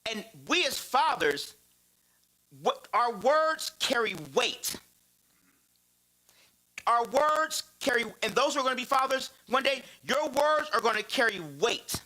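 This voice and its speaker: A man in his thirties preaching about fatherhood through personal stories, animated and laughing, repeating phrases for emphasis. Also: extremely high pitch, measured pace, rough recording. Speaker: church speaker on fatherhood.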